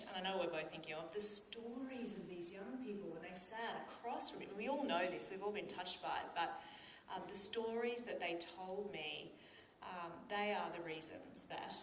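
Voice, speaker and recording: A woman's voice: on the low side, moderate pace. A woman, a government minister, giving an earnest, heartfelt formal speech to people at an event. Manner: earnest, heartfelt, emotional in places. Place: large function room. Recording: echoey room, mic from a distance.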